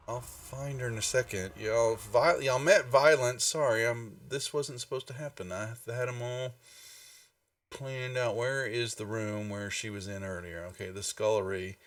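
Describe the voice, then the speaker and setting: A man's voice: mid-range voice, fairly bright tone, no room sound. A man running a tabletop game, rambling as he searches his notes. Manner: slow, rambling, searching aloud through notes. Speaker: game master. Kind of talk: narrating a tabletop game on a live stream. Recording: distant mic, faint music behind.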